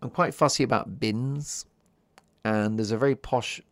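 A man hosting his own podcast in a calm, chatty monologue, keeping his voice soft and easy for listeners drifting off to sleep. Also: medium pitch, measured pace, no room sound. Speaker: podcast host.

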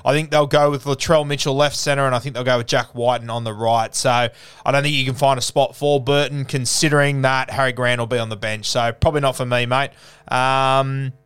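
A man's voice: mid-range voice, fairly even intonation, fairly quick, a bit bright, smooth. A young Australian man hosting a casual live Q&A, laid-back and chatty, calling everyone mate. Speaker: podcast host.

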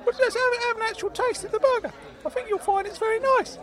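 A man voicing a fussy, nostalgic older uncle in a high, squeaky put-on voice, prim and insistent, in a comedy podcast sketch. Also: fairly even intonation, fast talker, a bit bright. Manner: insistent, prim and easily delighted.

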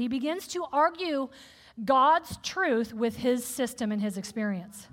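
High-voiced woman preaching in echoey hall. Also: unhurried. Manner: candid, conversational, animated preaching. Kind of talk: sermon. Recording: echoey hall with long reverb.

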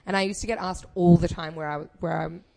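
A woman's voice: lowish voice, fairly even intonation, fairly quick, gravelly, a little mellow. An Australian woman co-hosting a podcast, chatting casually and sharing emphatic opinions. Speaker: podcast co-host. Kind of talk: casual chat.

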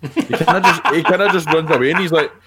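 A man's voice: a little high, quick pace, background noise. A Scottish man on a podcast panel, talking in a rambling way with lots of restarts. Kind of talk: casual chat.

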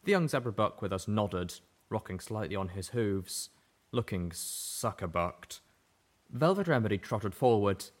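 A man narrating an audiobook in a steady first-person reading. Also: on the low side, a little slow.

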